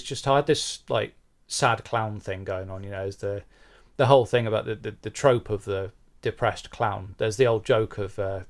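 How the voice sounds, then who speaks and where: Frank, lowish-voiced man. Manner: frank, self-deprecating, swears casually. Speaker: podcast host being interviewed, bass player. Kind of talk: candid conversational interview.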